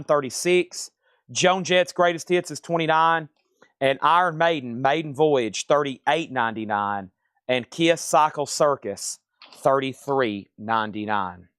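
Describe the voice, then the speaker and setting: A man's voice: a little high, fairly bright tone, clear, resonant tone, no echo, studio quality. Casual man reading record prices. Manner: brisk list-reading of items and prices, casual. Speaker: live sale host. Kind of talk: livestream sales pitch.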